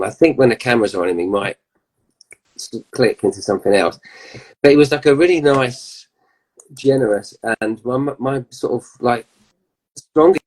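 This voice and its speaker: A man's voice: medium pitch, husky, low-quality recording. A man in his fifties, a musician guest telling rambling anecdotes in casual chat, with laughs.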